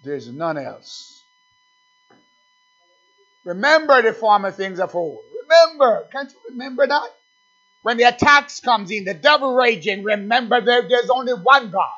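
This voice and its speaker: A male pastor delivers a fervent sermon in a high, bright voice. He swings from loud, shouted declarations to low, murmured asides. The recording is dull and lo-fi. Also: lively intonation, normal speed.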